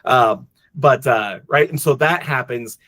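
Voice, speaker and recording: Halting, emotional man chatting about movies. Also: medium pitch, a bit bright, dry recording. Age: adult father. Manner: halting, many restarts and fillers, emotional. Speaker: podcast co-host. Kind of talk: casual movie discussion.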